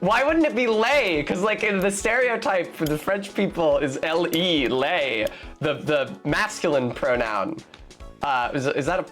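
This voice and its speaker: A woman's voice: low-pitched, lively intonation, unhurried. A woman streamer casually commenting on a game, wry and joking, swearing now and then. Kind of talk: let's play commentary. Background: faint game music.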